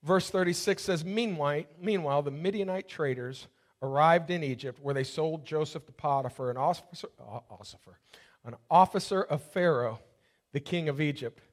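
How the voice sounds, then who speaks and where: A man's voice: fairly high pitch, normal speed. A man preaching a sermon, telling a personal story and building to fervent preaching. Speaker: pastor.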